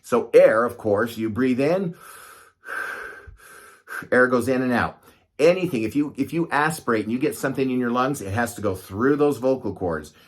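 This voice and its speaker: A man's voice: medium pitch, expressive, normal speed. Middle-aged doctor guy talking through how the body works, chatty, keeps saying right?. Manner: conversational, asks "right?" often, gestures to demonstrate. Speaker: doctor explaining medicine. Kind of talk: casual medical explainer.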